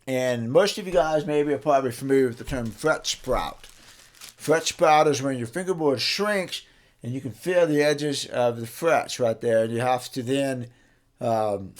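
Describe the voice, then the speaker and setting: A man demonstrating guitar care in his workshop, in a casual how-to style. His voice sits at an ordinary middle pitch, and he talks in a folksy, chatty way, often stopping to rephrase. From New Mexico, US. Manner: folksy, chatty, self-correcting. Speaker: guitar repair teacher.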